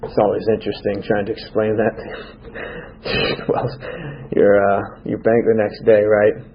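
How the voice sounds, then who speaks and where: In a club meeting room, a man addresses a recovery meeting, recounting a humorous story from his life and wryly voicing his own dialogue. His voice is lowish and monotone, delivered at a measured pace with background noise. It's captured in a dull, lo-fi recording.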